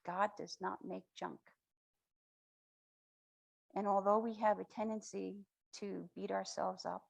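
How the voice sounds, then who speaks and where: A woman speaker giving a spiritual talk at a spiritual center, retelling a story in a slow, reflective, affirming way. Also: medium pitch, gravelly, low-quality recording. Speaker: guest speaker.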